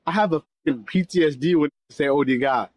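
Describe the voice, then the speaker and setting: A man livestreams in a brash, taunting way, swearing as he goes. His voice sits high. The sound is dull, lo-fi stream audio. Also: fast, no room sound. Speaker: livestreamer in clips. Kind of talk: livestream clip.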